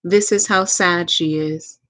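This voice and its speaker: Slow-talking Southern woman medium. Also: on the low side, fairly even intonation. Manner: slow, gentle, repeats phrases, laughs softly. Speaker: tarot reader and medium. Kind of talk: live tarot reading chat.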